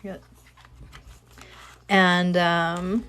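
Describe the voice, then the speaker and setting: Soothing lady in her 30s rambling on a craft livestream, kinda low voice, soft and chatty. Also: flat delivery, very slow, a little hiss or hum. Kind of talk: casual chat while crafting. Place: home.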